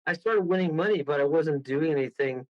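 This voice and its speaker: Man, radio guest, slightly high voice, rambling excited storytelling, laughs, dull dry lo-fi sound. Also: brisk, dry recording. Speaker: guest medium. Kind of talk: casual storytelling on a radio show.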